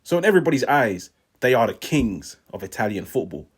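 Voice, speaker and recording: A man hosting a football match reaction video, telling it in a dramatic, animated way while he is sick. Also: medium pitch, brisk, slightly rough. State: sick, unwell. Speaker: football channel host.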